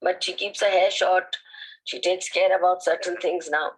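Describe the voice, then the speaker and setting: A woman's voice: on the low side, fairly even intonation, normal speed, breathy edge, low-quality recording. A woman religious teacher giving a lecture, retelling anecdotes conversationally and often checking in with "okay?".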